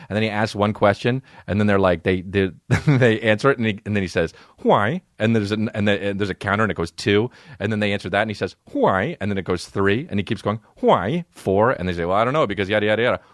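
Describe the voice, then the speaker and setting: A man's voice: on the low side, fairly even intonation, fast, hardly any pauses, no echo, studio quality. A man in his forties hosting a podcast, telling profane comic stories and slipping into put-on voices. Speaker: podcast host. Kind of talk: comedic monologue.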